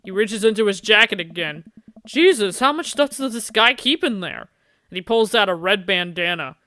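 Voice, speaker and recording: Bright-voiced playful man playing a game. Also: high-pitched, moderate pace, slight background noise. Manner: playful, excitable, jokey. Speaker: gaming channel host. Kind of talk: let's play commentary, reading game text.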